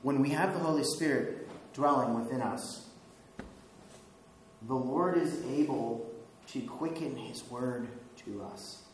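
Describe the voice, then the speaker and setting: A male pastor preaching in an easy, conversational way, often chuckling and putting questions to his listeners. His voice is caught in a hugely echoey church hall, with a faint hiss underneath. He sits at a middling pitch. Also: slow pace, pauses often. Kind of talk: sermon.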